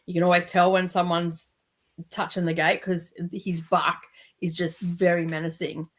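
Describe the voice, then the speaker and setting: Casting: woman, slightly low voice, blunt matter-of-fact storyteller in a casual chat. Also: little pitch movement, normal speed. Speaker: book club co-reader.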